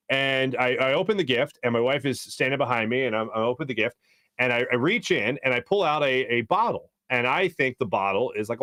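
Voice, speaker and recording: Here a sports radio host in his thirties, Philadelphia accent and a voice on the high side, tells meandering stories with lots of restarts. The energetic delivery comes through a studio microphone in a radio studio, recorded dry.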